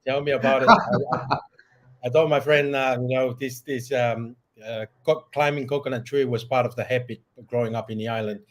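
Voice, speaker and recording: A man co-hosting a casual chat, relaxed, laughing easily and speaking haltingly. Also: mid-range voice. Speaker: co-host.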